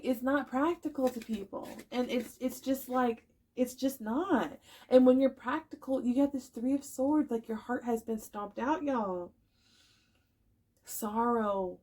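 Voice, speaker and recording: A woman's voice: a little high, measured pace, a little mellow. Woman tarot reader, casual and chatty, emotional and encouraging, emphatic delivery. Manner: chatty, emphatic, full of "like" and "y'all". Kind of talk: casual pick-a-card tarot reading.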